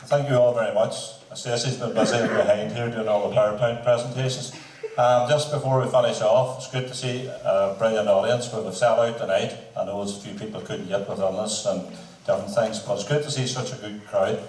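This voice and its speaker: A man's voice: fairly low pitch, steady tone, brisk, darkish tone. Man, stage thanks, distant and echoey, crowd noise and hiss. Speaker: concert organiser addressing the audience.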